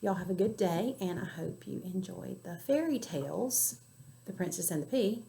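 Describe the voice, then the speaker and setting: Gravelly woman teacher. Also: on the low side, animated, normal speed, warm tone, a little hiss or hum. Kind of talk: casual classroom video talk.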